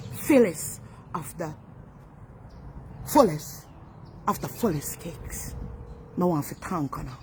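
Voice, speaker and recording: A woman with a Jamaican accent, a home baker giving an animated casual holiday message to her customers. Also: on the low side, slight background noise. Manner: animated, calls herself by her business name in the third person. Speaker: home baker selling cakes.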